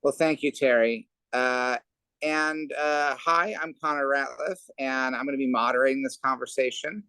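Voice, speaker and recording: A man's voice: mid-range voice, fairly even intonation, moderate pace, bright, forceful tone, clear, resonant tone, no room sound, poor audio. Guy moderating a panel on a video call, dry close sound, rambly and wry. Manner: rambling, self-deprecating asides.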